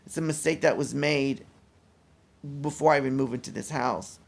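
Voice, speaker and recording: Weary man with a very gravelly voice. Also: mid-range voice. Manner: weary, rambling, halting restarts. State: mentally exhausted. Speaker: vlogger. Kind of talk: casual personal vlog.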